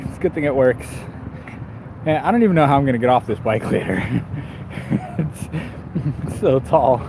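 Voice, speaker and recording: Animated and mid-range, this man's voice moves at a normal speed as he livestreams while cycling along town streets. The bike shop owner and vlogger rambles, laughs often, and runs himself down, with an action camera on him recording the passing traffic and street sounds.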